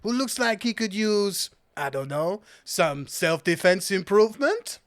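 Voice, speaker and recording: A man's voice: sits high, measured pace, no room sound, studio quality, pitched above the performer's own voice. A man voicing a fawning, mustachioed male merchant with a put-on French accent. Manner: flattering, theatrical.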